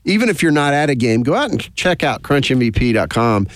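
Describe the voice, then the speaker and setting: A man hosting a weekly high school football radio show from a studio, chatting casually with lots of fillers. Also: sing-song, fairly quick. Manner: easygoing, rambling with many fillers. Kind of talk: casual sports radio chat.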